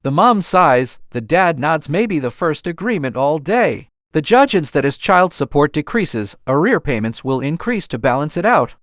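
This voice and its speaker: A man's voice: a little high, very animated, moderate pace, hardly any pauses, no echo, clean studio sound. A man delivering punchy, dramatic scripted narration over a court recap.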